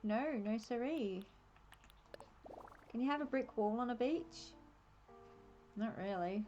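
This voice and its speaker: An Australian woman streaming a game, chatting and thinking aloud in a relaxed, laughing way. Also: fairly high pitch, slow pace, lo-fi sound, soft background music. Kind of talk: casual live-stream commentary.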